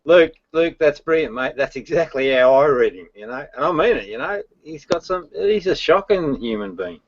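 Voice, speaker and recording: A man's voice: on the high side, lively intonation, moderate pace, dry recording. An Australian man hosting a live stream, laughing often and teasing in Aussie slang. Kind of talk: casual live-stream banter. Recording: lo-fi stream audio with faint hiss.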